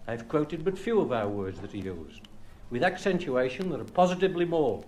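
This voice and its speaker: A man's voice: fairly high pitch, big pitch swings, normal speed, a little mellow, slight background noise. A man with a Black Country accent, a comedian reciting rhymes and telling stories in a chatty way. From Black Country, England. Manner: rhyming dialect recitation; chatty storytelling. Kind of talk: stand-up recitation and anecdote.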